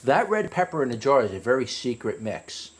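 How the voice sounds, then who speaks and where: A man giving a casual, rambling review of a hot pepper, often restarting his sentences and climbing higher when he retells a story. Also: big pitch swings, brisk.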